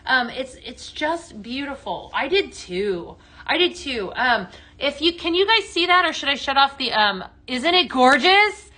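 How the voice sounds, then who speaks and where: Bright-voiced woman hosting a live sale. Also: high voice, animated, measured pace. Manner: chatty, upbeat sales patter with many fillers. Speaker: home-fragrance live-sale host. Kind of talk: casual live-stream product demo.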